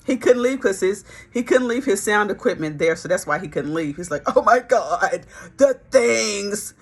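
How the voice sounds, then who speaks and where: A woman's voice: medium pitch, animated, brisk. A woman casually telling a Christian testimony story, talking folksy and straight to her listeners. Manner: folksy, talks straight to the audience as "y'all". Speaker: Christian speaker.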